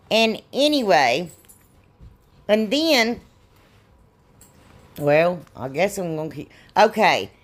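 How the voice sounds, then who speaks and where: A middle-aged woman chats through a DIY craft demo at an unhurried pace. Her talk is folksy and rambling, full of little asides and jokes at her own expense. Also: mid-range voice. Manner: folksy, self-deprecating, rambling. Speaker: DIY crafts channel host. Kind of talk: casual craft tutorial chat.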